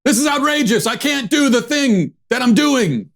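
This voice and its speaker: A man voicing a mocking parody of a shrill female protester, exaggerated and whiny. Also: animated, moderate pace, creaky, fairly bright tone, exaggerated voice. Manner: sarcastic, exaggerated whiny mimicry.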